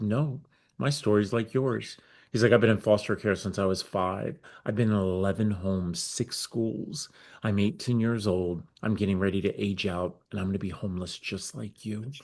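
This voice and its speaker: A middle-aged man, a guest on an interview podcast, telling his story with lively acted-out dialogue. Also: lowish voice, vocal fry, breathy edge. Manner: animated storyteller acting out quoted dialogue. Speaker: guest, nonprofit founder.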